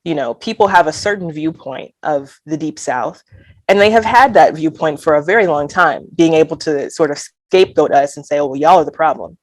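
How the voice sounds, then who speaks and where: A woman's voice: low voice, moderate pace, no echo. A woman from Alabama, speaking as a guest poet in an interview, talking candidly and earnestly with light laughs and quoted inner thoughts. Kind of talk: reflective conversational interview.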